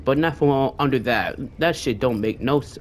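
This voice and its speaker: A gaming streamer doing let's play commentary, cursing and mocking the game's enemies in a taunting sing-song, with excitable outbursts. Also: mid-range voice, moderate pace, slight background noise. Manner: profane trash-talking of game enemies.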